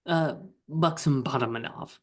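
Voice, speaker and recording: A man's voice: medium pitch, measured pace, a little mellow, husky. A man co-hosting a casual comedy podcast, playful and jokey with theatrical flair. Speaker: co-host.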